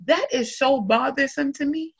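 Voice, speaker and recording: A woman's voice: sits high, moderate pace, creaky. A woman talking candidly and emphatically in a casual conversation, blunt and swearing freely.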